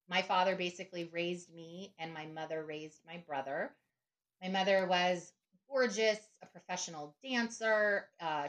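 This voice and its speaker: Middle-aged woman, podcast guest, lowish voice, chatty and quick to laugh. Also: fairly bright tone. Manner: chatty, often adds "right?", laughs easily. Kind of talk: casual interview talk.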